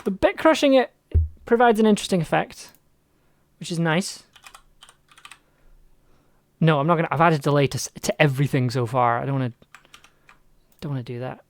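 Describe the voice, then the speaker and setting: A music producer streams live, casually thinking aloud and testing ideas by trial and error while poking fun at himself or herself. The voice is mid-range at a moderate pace with frequent pauses, and faint music playback sits in the background.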